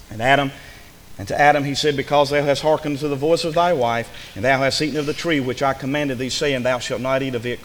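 A man's voice: mid-range voice, a bit bright, long reverb tail, slight background noise, rough recording. A male pastor, preaching a sermon emphatically and acting out the voices of the people he quotes. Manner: emphatic, acts out quoted speakers. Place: church sanctuary.

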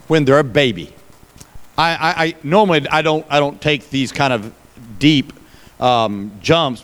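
A man's voice: medium pitch, fairly bright tone. A male pastor preaching a sermon, folksy, with joking asides to the congregation.

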